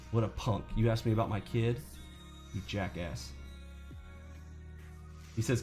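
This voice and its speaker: A man's voice: mid-range voice, wildly swooping pitch, normal speed, pauses often, fairly bright tone, faint music behind. A man hosting a trading channel, ranting to his viewers in an indignant, sarcastic and profane way. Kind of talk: angry rant to viewers.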